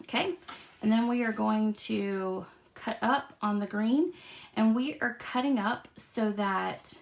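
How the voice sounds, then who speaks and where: Hosting a live craft demonstration, a middle-aged woman chats casually while she stamps, cuts and explains each step, talking as her hands work. Her voice is medium-pitched and creaky, and she takes her time.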